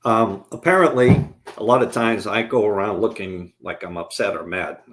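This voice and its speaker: A man's voice: lowish voice, moderate pace. A man as a guest in casual conversation, telling self-deprecating anecdotes.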